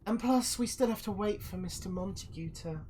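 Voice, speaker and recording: A high-voiced, fawning cultist woman in a skull mask, put on by a man running a tabletop game. She gushes in a sing-song lilt with a playful threat underneath, swooping well above the performer's own voice. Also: moderate pace, darkish tone, slight background noise, lightly acted. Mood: gushing.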